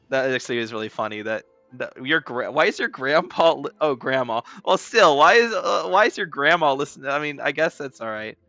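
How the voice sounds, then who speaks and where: A man chats through a live game in a bright, tense voice, joking, rambling, swearing and breaking into loud excited yelling. The sound is dry, close and somewhat dull, with faint music underneath. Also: medium pitch, a little fast, hardly any pauses, dry recording. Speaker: gaming streamer. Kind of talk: casual live gameplay commentary.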